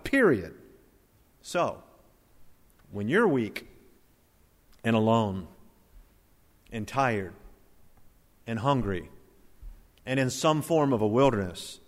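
A man's voice: medium pitch, expressive, takes it slowly, long pauses, a bit bright, big-room sound. A man pastor preaching a sermon, emphatic, full of rhetorical questions.

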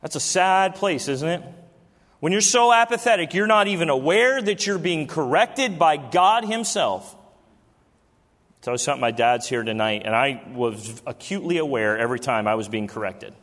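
A man in his thirties with a notably high voice delivers a sermon from the pulpit. He talks to the congregation like friends and keeps asking them questions. His voice rings out with the long reverb of a large church hall. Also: lively intonation, moderate pace, fairly bright tone. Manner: conversational preaching with rhetorical questions to the congregation. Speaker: pastor. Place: church sanctuary during a service.

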